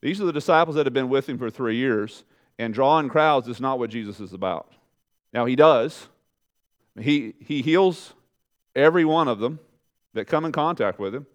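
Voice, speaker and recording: A man preaching a sermon to his congregation, animated and conversational, talking straight to the people in front of him and dropping his voice low and soft to stress a point. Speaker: pastor.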